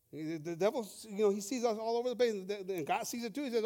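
High-voiced fervent male preacher. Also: quick pace, few pauses. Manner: fervent preaching with many restarts and repeated words; builds from quiet scripture reading to loud emphatic exhortation. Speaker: pastor. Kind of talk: sermon.

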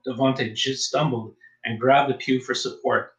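A man's voice: medium pitch, steady tone, normal speed, vocal fry, fairly bright tone. Man narrating, roomy echo. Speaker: audiobook narrator. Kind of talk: scripted narration.

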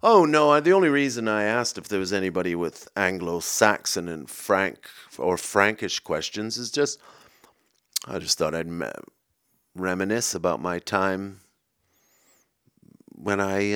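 A man hosting a comedy podcast, rambling excitably from one silly tangent to the next. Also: deep voice, measured pace, clear, resonant tone. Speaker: podcast host. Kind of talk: rambling comic chat.

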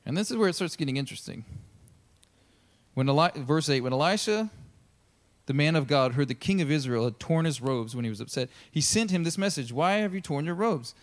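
A man's voice: medium pitch, animated, fairly quick. A man preaching a sermon as a pastor, telling Bible stories in a casual, chatty way and acting out the characters' lines. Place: church.

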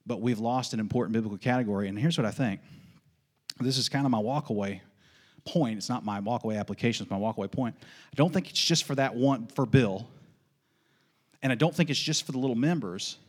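A man preaching a sermon as pastor, emphatic and folksy, repeating questions and answers in a steady call-and-response rhythm. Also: mid-range voice, a little fast, slightly rough. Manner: folksy asides with light laughs.

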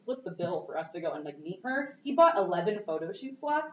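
A woman's voice: on the low side, a little fast. Bubbly young woman, distant echoey mic. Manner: bubbly, animated, many "like"s. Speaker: cosplayer guest. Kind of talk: casual storytelling. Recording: echoey, dull, distant mic with faint noise.

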